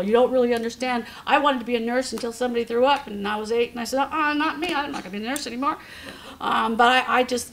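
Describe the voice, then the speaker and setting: A woman in her fifties telling her own story to a support group with wry, self-mocking humor. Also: fairly high pitch. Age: 50s. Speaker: comedian. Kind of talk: personal talk with humor. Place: hospital meeting room.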